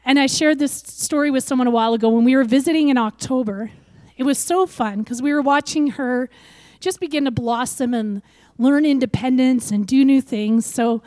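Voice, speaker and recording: An older woman giving a sermon, lively and acting out the voices she quotes. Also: sits high, no echo. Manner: animated, acts out quoted voices. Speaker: preacher.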